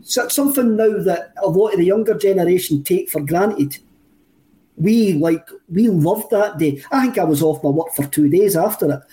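A man's voice: sits high, moderate pace, dark tone, a little hiss or hum, poor audio. A Scottish man co-hosting a football podcast in casual chat, enthusiastic and rambling, often repeating himself. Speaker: podcast co-host.

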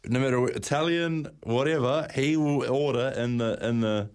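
This is a relaxed New man, a darts player, chatting on a radio show. He is easygoing and jokes around. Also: medium pitch, normal speed, smooth. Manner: laid-back, joking. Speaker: darts player, studio guest. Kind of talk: casual radio chat.

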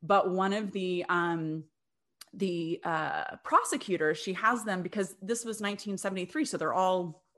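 A woman's voice: fairly low pitch, moderate pace, fairly bright tone. A young adult woman casually telling a history story to a co-host, chatty, often laughing, with many fillers and restarts.

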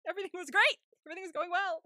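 A young woman co-hosting a casual recap podcast, talking in an animated way, swearing and laughing often. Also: very high voice, very fast, dry recording, clean studio sound. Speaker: podcast co-host.

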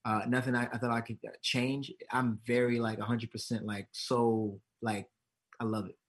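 This is casual interview storytelling from a man cast as an actor and comedian, his mid-range voice at a normal speed. He acts out quotes with animation and laughs often as he goes.

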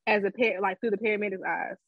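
A woman's voice: mid-range voice, steady tone, fast talker, husky, dry recording, muffled recording. A woman co-hosting a casual talk show, speaking bluntly, swearing at times and often restarting her sentences. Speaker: podcast co-host. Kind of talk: casual chat.

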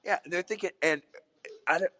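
A hoarse man co-hosts a casual podcast chat, clearing his throat and coughing often. He rambles through his points and keeps asking his partner questions. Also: high-pitched, normal speed, sharp tone. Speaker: podcast co-host.

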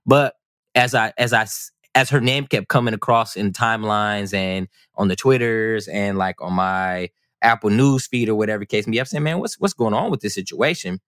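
Animated rambling man, dry close mic. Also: on the low side, normal speed, clear, resonant tone, no room sound. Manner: animated, rambling, many restarts and fillers. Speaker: podcast co-host. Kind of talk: casual podcast conversation.

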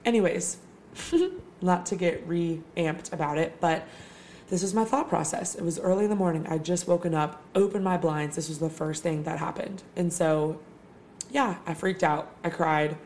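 A woman's voice: fairly low pitch, moderate pace, a little mellow, a little hiss or hum. A young woman hosting a casual solo talk, chatty and swearing freely, with lots of filler words.

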